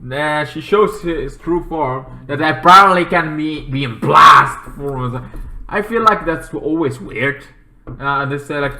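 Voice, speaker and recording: A man casually reviewing a TV episode, rambling and halting, with many fillers and restarts. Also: fairly high pitch, pushed and bright. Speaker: TV show reviewer. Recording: echoey room.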